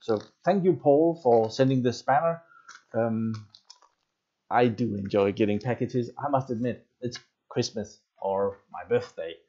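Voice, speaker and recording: A man's voice: mid-range voice, a little slow, warm tone, lo-fi sound. Chatty man on a live stream. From Denmark. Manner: rambling, chatty, reads and greets viewers' comments. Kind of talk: casual live stream chat. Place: home, near a basement workshop.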